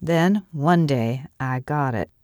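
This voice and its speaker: A woman's voice: sits low, slow pace, a little mellow, no echo, studio quality. A middle-aged woman narrating a first-person story in an earnest, reflective way.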